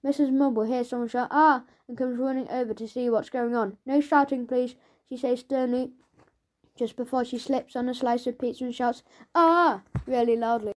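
A woman reads a children's audiobook aloud in the voice of a schoolboy telling his own story. Her delivery is lively and playful, sitting a little high with a soft, mellow tone. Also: a little fast. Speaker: audiobook narrator.

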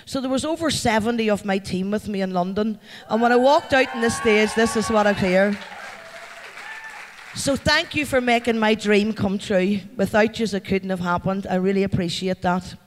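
A man's voice: sits high, normal speed, a faint crowd. A man with a Northern Irish accent giving a heartfelt, chatty acceptance speech to a live audience and thanking people by name. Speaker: award recipient addressing a company event. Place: large event hall. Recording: long hall reverb.

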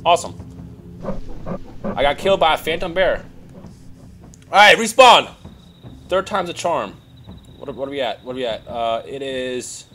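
A young man hosting gameplay commentary, loud and excitable, often yelling at other players over a headset mic. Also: mid-range voice, slight background noise. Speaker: gameplay host.

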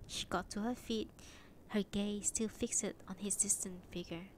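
Calm woman reading a story aloud. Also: mid-range voice, measured pace, a little hiss or hum, poor audio. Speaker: reader.

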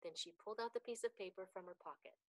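Book club storyteller, woman, clear and careful read-aloud. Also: mid-range voice, fast talker, darkish tone, low-quality recording.

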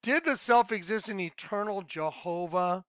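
A man giving an informal Bible teaching, emphatic, quizzing the listener with yes-or-no questions and swinging between loud outbursts and muttered asides. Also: high-pitched, lively intonation, moderate pace, no room sound. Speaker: self-styled Bible teacher.

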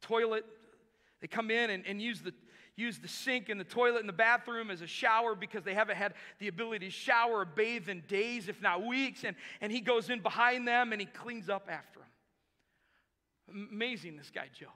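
A man's voice: high voice, moderate pace, sharp tone. A male pastor preaching a sermon in a church, emphatic and repeating key phrases for effect. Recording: long reverb of a large hall.

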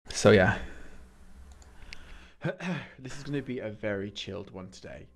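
A man's voice: on the low side, normal speed, pauses often. A British man chatting casually with viewers while he streams a game, greeting them by name and laughing often. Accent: British English. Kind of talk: casual live-stream chat while playing.

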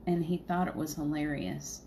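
A woman talks through a casual livestream, wandering from thought to thought and breaking into laughter often. Her voice sits on the low side. A faint hum stays in the background. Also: fairly even intonation, normal speed, creaky, mellow. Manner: chatty, laughing often, rambling. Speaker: spiritual medium, livestream host.

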